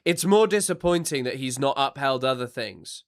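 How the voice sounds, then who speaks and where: A man streaming live, reacting bluntly to news clips, often halting them to argue and circling back with fillers and repeats. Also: medium pitch, lively intonation. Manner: filler-heavy, repeats himself. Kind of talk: casual live-stream commentary.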